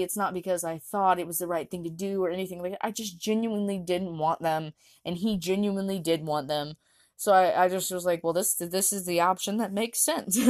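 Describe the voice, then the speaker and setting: A young woman in her twenties tells a loose personal story, laughing often and restarting sentences as she goes. Her pitch sits in the middle of the usual range. The sound is dry and close, with no room echo. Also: darkish tone. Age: young adult. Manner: rambling, giggly, lots of fillers and restarts. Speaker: vlogger. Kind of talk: casual storytelling.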